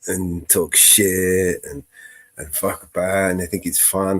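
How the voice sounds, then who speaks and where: Man, deep-ish voice, dry close sound, blunt, swears a lot, rambling casual chat. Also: little pitch movement, takes it slowly, a bit bright, dry recording. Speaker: livestream co-host. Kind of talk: casual live panel chat.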